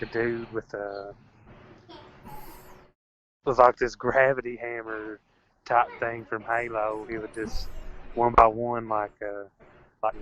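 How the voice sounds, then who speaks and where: A man's voice: on the low side, a bit bright, lo-fi sound, slight background noise. A man as a guest in a casual chat over a call, rambling and leaning on fillers.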